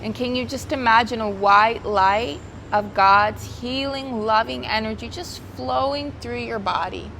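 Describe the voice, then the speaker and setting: A woman teaching a guided yoga class outdoors by the ocean, giving gentle, soothing, unhurried cues and slipping into Spanish now and then. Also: a little high, gravelly, slight background noise. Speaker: yoga instructor.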